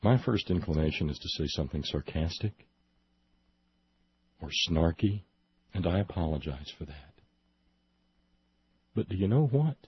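A man hosting a political talk show, sarcastic and emphatic, slowing down to stress his points. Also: low voice, expressive, slightly rough, no echo, muffled recording. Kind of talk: opinionated political commentary.

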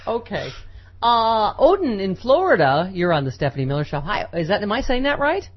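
A woman hosting a talk radio show, wisecracking and quick to jump in. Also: mid-range voice, big pitch swings, breathy edge, highs cut off.

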